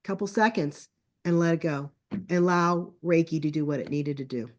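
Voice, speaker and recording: A middle-aged woman telling a family story in casual conversation, chatty and animated, acting out the lines of her relatives. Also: sits low, normal speed. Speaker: guest. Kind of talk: casual storytelling on a podcast call.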